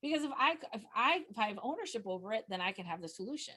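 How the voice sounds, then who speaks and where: This middle-aged woman, a nonprofit communication trainer, delivers a rapid-fire webinar presentation into a close microphone. Earnest and chatty, she keeps restarting sentences and her voice jumps higher whenever she's excited.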